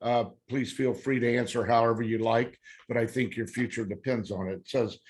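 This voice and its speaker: A man hosting a podcast panel interview, asking questions in a relaxed, chatty way. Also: mid-range voice, a little fast. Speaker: podcast host.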